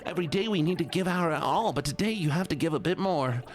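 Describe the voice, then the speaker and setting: A man's voice: on the high side, lively intonation, quick pace, close to an everyday voice. A man voicing a stern, demanding male store boss who gives cold, clipped orders.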